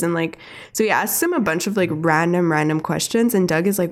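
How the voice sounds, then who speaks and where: A woman's voice: on the low side, fairly quick. A young woman chatting casually, retelling a cartoon episode with constant "like" fillers. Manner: heavy use of "like" fillers, chatty and animated.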